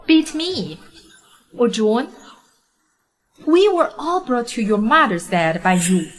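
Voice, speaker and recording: A woman's voice: fairly high pitch, expressive, slow. A woman voicing a cruel, spoiled young rich woman who taunts and mocks in a dubbed drama. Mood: gloating. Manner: taunting, mocking.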